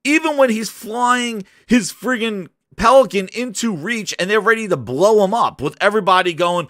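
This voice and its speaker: A man's voice: high-pitched, normal speed, hardly any pauses, no echo, clean studio sound. A man hosting a gaming channel, ranting in casual livestream commentary and chatting with his viewers. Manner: animated, ranting, chats with viewers.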